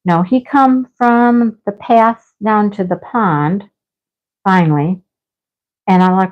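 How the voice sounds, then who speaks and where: Unhurried and mid-range in pitch, a middle-aged woman streams live from her home, rambling casually through a tale and throwing in scolding remarks. The recording sounds a bit dull and lo-fi.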